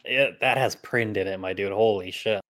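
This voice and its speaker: A man's voice: fairly low pitch, moderate pace, fairly bright tone. A man co-hosting a casual podcast, contrarian and teasing. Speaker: podcast co-host. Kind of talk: casual chat.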